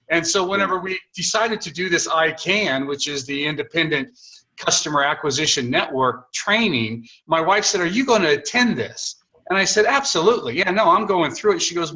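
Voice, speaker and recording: A middle-aged man co-hosting a sales call, telling a long story with animated, acted-out dialogue and many restarts. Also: fairly high pitch, fairly quick. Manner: animated, acts out quoted dialogue, frequent restarts. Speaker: co-host of a network marketing call. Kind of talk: conversational storytelling.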